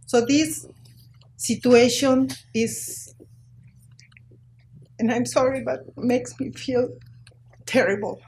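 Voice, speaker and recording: A woman speaks slowly and deliberately in halting English, her voice sitting a little high. She pleads and apologizes in turn during a public comment at a school board meeting, with a faint hum of room noise behind her. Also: a little mellow, poor audio. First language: Spanish.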